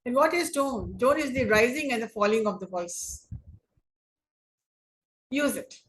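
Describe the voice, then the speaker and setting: Woman, English teacher, online lesson; unhurried, repetitive phrasing, slightly high voice. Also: animated, rough recording. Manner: slow, deliberate, repeats and rephrases points. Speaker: English lecturer. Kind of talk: online class lecture on debating.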